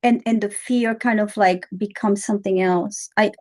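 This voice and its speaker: A woman guest speaks at a middle pitch, gentle and lively, explaining ideas with many fillers and restarts. She sounds tender and open. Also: normal speed. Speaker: interview guest. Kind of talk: casual interview talk.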